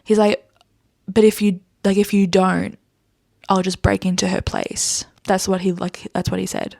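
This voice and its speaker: A woman's voice: mid-range voice, flat delivery, unhurried, creaky, darkish tone, dry recording. A woman book vlogger casually recapping a novel in a chatty, exasperated way, full of fillers and quoted dialogue.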